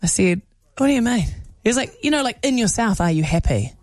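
A woman's voice: a little high, quick pace, no echo. A woman with a New Zealand accent, hosting radio and telling a story in casual chat, acting out the people she quotes. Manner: animated, acts out quoted voices. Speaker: radio host.

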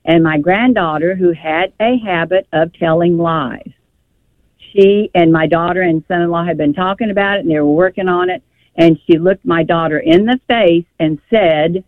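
A woman's voice: lowish voice, moderate pace, no room sound. An older woman calling in to a radio show, telling a long story in a rambling, emotional way with many restarts, heard over the phone. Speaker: caller. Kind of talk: call-in radio conversation. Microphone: telephone. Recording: tinny phone line.

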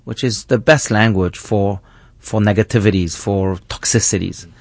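Earnest rabbi, dry close sound. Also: male voice, on the low side, fairly even intonation, moderate pace, creaky, dry recording. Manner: thoughtful, earnest, with frequent restarts. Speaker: rabbi, guest. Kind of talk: reflective teaching in conversation.

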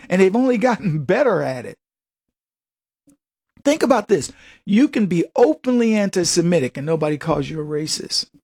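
A man's voice: sits high, darkish tone. A man hosting a radio talk show, delivering an emphatic, mocking political monologue and chuckling at his own jokes.

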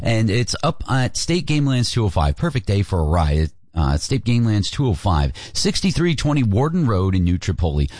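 A male radio host reading upbeat promos into a studio mic. His pitch moves around a lot. The sound is close and dry. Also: sing-song, moderate pace, few pauses, darkish tone, no room sound. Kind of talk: radio ad read.

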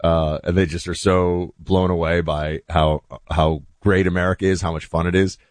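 A man hosting a talk show, chatting in a loose, animated monologue with asides that trail off quietly. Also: low-pitched, normal speed, dry recording. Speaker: host.

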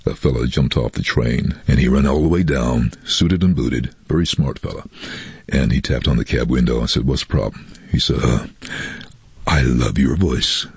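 Very deep, husky-voiced man telling stories. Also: moderate pace, dry recording. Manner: relaxed storyteller who slips into quoted voices. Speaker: voice-over artist. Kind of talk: radio interview anecdote.

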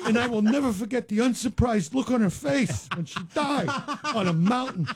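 A man doing stand-up storytelling on a radio show, animated and laughing through his jokes. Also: extremely high pitch, moderate pace, few pauses. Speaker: stand-up comedian guest. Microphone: studio mic.

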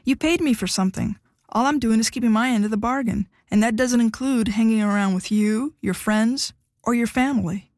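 A woman's voice: a little high, brisk, darkish tone, no room sound, clean studio sound, close to an everyday voice. A woman voicing a blunt, defiant young woman who speaks curtly and coldly. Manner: blunt, curt.

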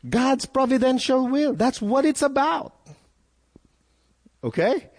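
A male pastor preaching a sermon, with animated delivery, sudden rises in pitch and frequent repeated words. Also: slow pace, long reverb tail.

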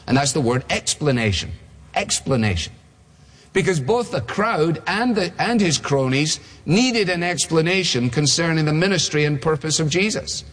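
A man's voice: on the high side, long reverb tail. A man preaching a sermon in a conversational way, asking rhetorical questions.

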